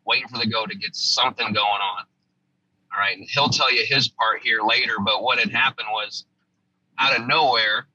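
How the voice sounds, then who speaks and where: A man from the United States tells a war story as a guest in a casual interview, pushing his husky voice out with a hard, forceful edge. He circles back and restarts his sentences as he relives the moment, and the podcast audio sounds dull and lo-fi. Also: medium pitch, dry recording. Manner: vivid first-person war retelling with restarts. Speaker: podcast guest, former army sergeant.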